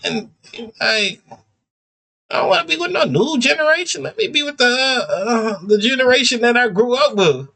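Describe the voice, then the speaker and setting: A man in his thirties hosting a reaction video, talking in an animated, rambling, slangy way. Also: moderate pace, gravelly. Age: 30s. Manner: animated, rambling, slangy, jumps between high and low pitch. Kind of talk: casual reaction commentary.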